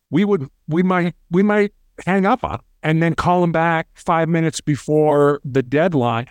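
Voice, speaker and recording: A man who is a former SWAT hostage negotiator, talking fast in an interview and often restarting with repeated words. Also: a little high, clear, resonant tone, no echo. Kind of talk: casual interview storytelling.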